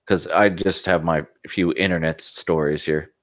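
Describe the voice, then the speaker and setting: A man with a lowish voice co-hosts a casual tech podcast. He reads news stories aloud and breaks off for dry, sarcastic remarks. The recording is close and dry. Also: fairly even intonation, unhurried, no room sound. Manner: sarcastic asides between read passages. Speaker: podcast co-host. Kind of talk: casual chat, reading news articles aloud.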